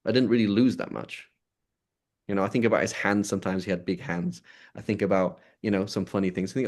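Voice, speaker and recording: A man with a fairly low voice teaches an informal religious class. He speaks conversationally, repeating his points and checking in with his listeners after nearly every sentence. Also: rapid-fire. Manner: conversational, repetitive, asks "right?" often. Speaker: Islamic teacher.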